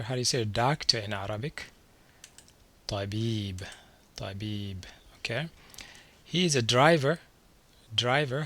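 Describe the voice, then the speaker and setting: A man teaching a beginner vocabulary lesson from slides, saying each word twice and slowly before asking what it means. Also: mid-range voice, bright, forceful tone. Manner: repeats each word slowly, then quizzes the listener. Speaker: language teacher.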